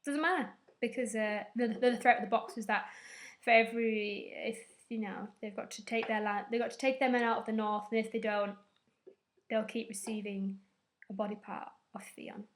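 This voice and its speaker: A woman's voice: on the high side, level tone, normal speed. A young woman rambling through a casual recap to camera, with loose fillers and a bit of swearing. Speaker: vlogger.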